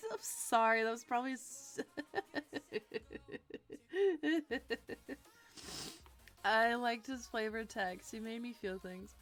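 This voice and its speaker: A woman's voice: a little high, fairly even intonation, moderate pace, hardly any pauses, a bit bright. A young woman streaming to her viewers in a bubbly, giggly casual chat.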